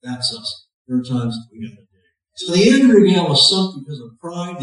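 A man's voice: a little high, big pitch swings, fairly quick. A man preaching a sermon, telling stories with folksy, self-mocking humor and pushing up his voice on the punch lines. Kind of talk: sermon with storytelling. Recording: very echoey, from a distant mic.

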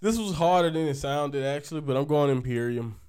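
A man's voice: fairly high pitch, brisk, darkish tone, clear, resonant tone. A man co-hosting a podcast in casual chat, rambling and joking, laughing often. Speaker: podcast co-host.

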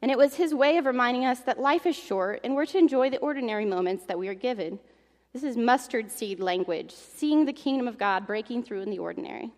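Young woman preacher, earnest, somewhat high voice, long hall reverb. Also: animated, a little fast. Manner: earnest, emotional, reads aloud from an article. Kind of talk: sermon.

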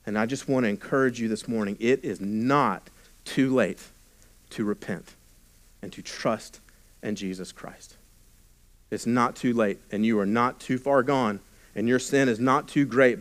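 Pastor guy preaching, average pitch, goes quiet n intimate then builds up loud. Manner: preaching with sudden drops to a hushed voice and swells in volume. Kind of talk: sermon.

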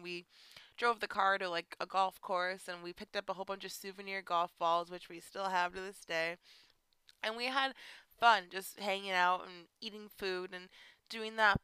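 Bright, chatty young woman. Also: medium pitch, smooth, dry recording, low-quality recording. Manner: chatty, lots of "like" and "you know". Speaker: podcast host. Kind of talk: casual personal storytelling.

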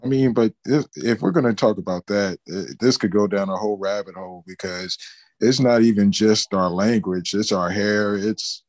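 A man's voice: fairly low pitch, moderate pace, no room sound. A man speaking hesitantly with many fillers in a casual discussion.

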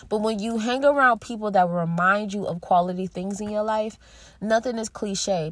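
A woman in her thirties hosting a podcast, talking alone in an earnest, heartfelt way with pauses and restarts. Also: mid-range voice, dry recording. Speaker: podcast host. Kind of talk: reflective solo monologue.

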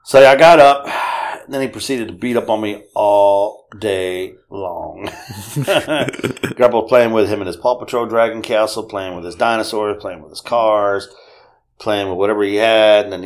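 A man in his fifties on a podcast, telling casual family stories and acting out the voices with a laugh. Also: fairly low pitch. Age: 50s. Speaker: podcast host. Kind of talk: casual storytelling chat.

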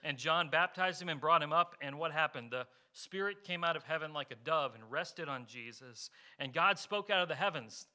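Earnest preaching man, bright voice. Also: fairly high pitch, moderate pace, few pauses. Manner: earnest preaching with rhetorical questions; explains with homely examples. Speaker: pastor. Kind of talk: sermon.

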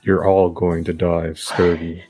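Deep husky guy playing his character, blunt and bossy, faint music behind. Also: flat delivery, measured pace, dark tone. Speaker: player. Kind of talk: in-character tabletop play.

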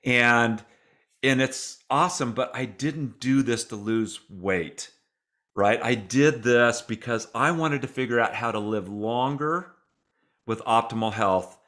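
A man's voice: medium pitch, takes it slowly, a bit bright. A middle-aged man who is a guest author, telling his story in an interview in an earnest, heartfelt way. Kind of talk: interview conversation.

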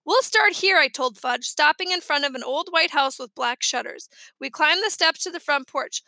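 A woman narrating a children's chapter book in a clear, lively way. Her voice is high and bright. The recording is close and dry. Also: normal speed, dry recording, low-quality recording. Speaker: audiobook reader.

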